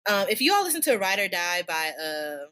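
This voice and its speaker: A woman co-hosting a casual podcast chat, animated and slangy, laughing often. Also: mid-range voice, a little fast, clear, resonant tone. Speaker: podcast co-host.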